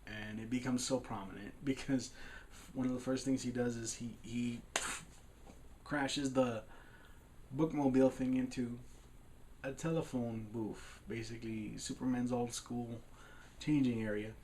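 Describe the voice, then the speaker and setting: A man's voice: medium pitch, steady tone, a little slow, a little mellow, a little hiss or hum. Rambling man recapping a film. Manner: rambling, with restarts and laughs. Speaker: film reviewer.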